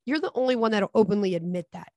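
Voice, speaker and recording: A woman's voice: medium pitch, animated, fast talker, dry recording, clean studio sound. A woman co-hosting a podcast in crude casual chat, blunt and profane, laughing easily. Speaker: podcast co-host.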